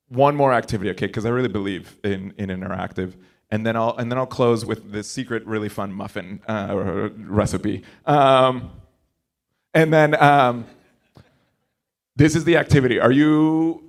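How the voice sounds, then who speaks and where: A male comedian on a conference stage doing stand-up crowd work, chatty and rambling, eagerly coaxing the audience to play along. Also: medium pitch. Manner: chatty, rambling, quick restarts and asides.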